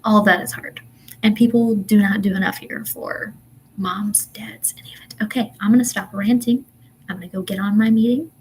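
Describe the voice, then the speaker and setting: A woman's voice: mid-range voice, fairly even intonation, moderate pace, a little mellow, slight background noise, poor audio. A young woman, a mother, ranting in a casual livestream chat, exasperated and chatty with lots of ums and laughs. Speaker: vlogger and mother.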